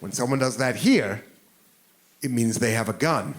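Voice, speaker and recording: An American man tells a stand-up story on a comedy club stage into a handheld mic, his mid-range voice animated at normal speed. He adds self-mocking asides and acts out his own panicked thoughts, captured in a noisy live club recording.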